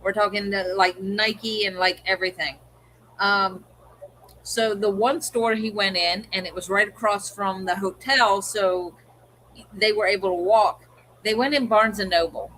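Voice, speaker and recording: A woman's voice: medium pitch, steady tone, unhurried, a bit bright, low-quality recording. Middle-aged lady cohost, chatty, tells family stories, bit of noise in the back. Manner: chatty storyteller, acts out family quotes. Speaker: co-host of a livestream. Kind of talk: casual chat.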